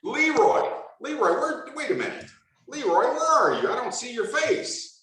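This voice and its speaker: Lively man hosting a video call roll call. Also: very high voice, normal speed, very echoey, distant mic, slight background noise, rough recording. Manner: enthusiastic, jokey, repeats greetings. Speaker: host of a video call meeting. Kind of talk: upbeat welcome roll call.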